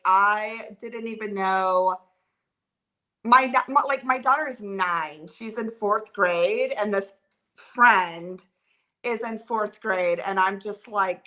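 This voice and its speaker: Bright, flustered woman livestreamer. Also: mid-range voice. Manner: rambling, filler-heavy, flustered and emotional. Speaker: livestream host. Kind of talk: casual livestream chat, reading viewer comments.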